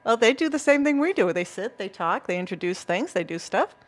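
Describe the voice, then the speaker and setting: A woman's voice: medium pitch, animated, a little fast. A woman with a Boston accent, co-hosting a local talk show in a chatty, enthusiastic way, telling stories and laughing easily. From Massachusetts. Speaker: co-host. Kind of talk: casual chat.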